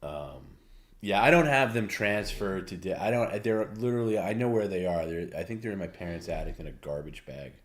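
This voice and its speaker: A man with a very low, deep voice hosts a livestream and tells stories in a loose, casual way. He rambles, stops and starts, and repeats his words as he goes. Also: animated, brisk. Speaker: livestream host. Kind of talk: casual storytelling.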